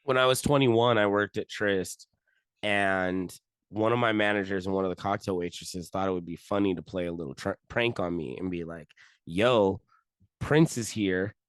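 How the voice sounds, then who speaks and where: A man co-hosting a casual podcast chat, joking with quick reactions and telling a story. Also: low voice, clear, resonant tone, no room sound. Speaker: podcast co-host.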